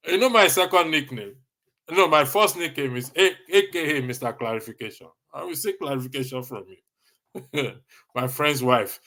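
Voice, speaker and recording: A man's voice: mid-range voice, expressive, unhurried, long pauses, pushed and bright. A Nigerian man hosting a casual live stream, reading viewer comments with a jokey, teasing manner and frequent laughter.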